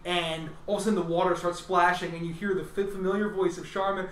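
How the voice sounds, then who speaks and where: A man's voice: high-pitched, flat delivery, fast, a little hiss or hum. A man narrating a tabletop game as game master, rambling with many fillers and laughs. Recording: echoey room, distant mic.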